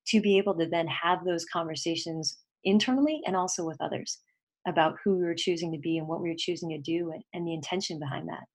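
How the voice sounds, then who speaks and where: Low-voiced woman with crisp, even delivery. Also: fast. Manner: even, steady, clean and clear enunciation. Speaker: guest, former sports coach and public speaker. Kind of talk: interview conversation.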